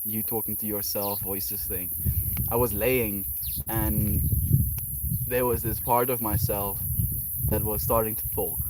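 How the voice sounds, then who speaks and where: A man hosting a casual livestream, chatting with viewers in a rambling, animated way and swearing now and then. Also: fairly low pitch, measured pace, long pauses. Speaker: livestream host. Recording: steady outdoor noise with insects.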